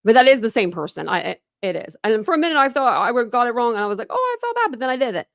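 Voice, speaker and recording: A woman with a Southern twang, from Ohio, hosting a true crime livestream. She rambles casually through her thoughts with plenty of fillers and side comments, her voice slightly gravelly. The sound is dry and close. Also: fairly high pitch, animated, fairly bright tone, no room sound. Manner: rambling and chatty, many fillers and quick asides. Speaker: true crime channel host.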